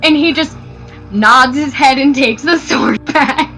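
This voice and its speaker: A woman at a tabletop game, excitable and telling things with animated flair. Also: high-pitched, slow, faint music behind, poor audio. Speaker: player. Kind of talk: tabletop role-play chat.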